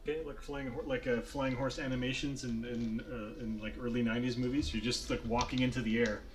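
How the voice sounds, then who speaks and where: A man's voice: mid-range voice, fairly even intonation, fairly quick. A man narrating as dungeon master, loose and swearing, laughing often, with faint hiss behind. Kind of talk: narrating a tabletop game.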